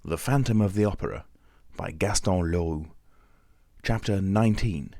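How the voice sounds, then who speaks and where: A man narrating a classic novel as an audiobook in a steady, even storytelling manner. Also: sits low, moderate pace, no echo, studio quality. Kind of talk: scripted narration.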